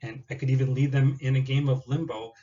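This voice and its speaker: A man's voice: medium pitch, steady tone, fairly quick, mellow, highs cut off. A man giving a recorded class presentation on a teaching activity, explaining in a partly read style with occasional fillers.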